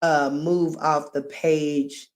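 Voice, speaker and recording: A woman's voice: sits low, little pitch movement, extremely slow. A woman talking casually on her own live stream, rambling and chatty, who laughs at her own jokes and refers to herself in the third person.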